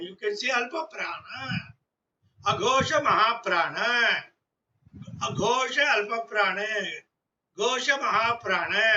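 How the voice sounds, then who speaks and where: A man's voice: very high voice, pushed and bright, distant mic, highs cut off. A male teacher, giving an online class lesson and patiently sounding out letters one by one.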